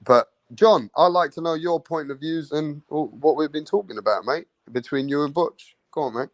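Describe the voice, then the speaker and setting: A man hosting a casual live-stream chat, teasing and goading a guest with loud rapid taunts. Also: a little high, no echo. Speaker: show host.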